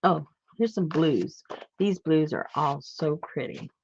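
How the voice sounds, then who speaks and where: A woman's voice: sits low, slow, a little mellow, lo-fi sound, a little hiss or hum. A woman hosting a casual crafting chat, rambling and laughing easily as she works. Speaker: crafting channel host.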